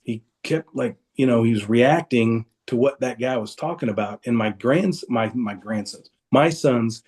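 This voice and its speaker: A man's voice: mid-range voice, a little slow, darkish tone. Man, guest speaker, casual storytelling, rambling restarts, video call.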